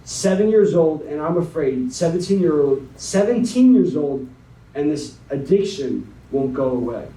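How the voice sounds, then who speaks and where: A young man as a guest speaker, slowly and dramatically reading a spoken word poem, then talking to a young audience. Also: on the high side, dark tone. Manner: slow, dramatic poetry reading. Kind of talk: spoken word poetry then motivational talk. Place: conference hall. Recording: echoey hall, mic at a distance.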